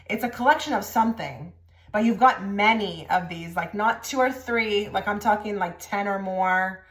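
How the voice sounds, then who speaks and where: A woman's voice: mid-range voice, normal speed, fairly bright tone. A woman giving a casual tarot reading to camera, direct and blunt, with many filler likes. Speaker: tarot reader. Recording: echoey room.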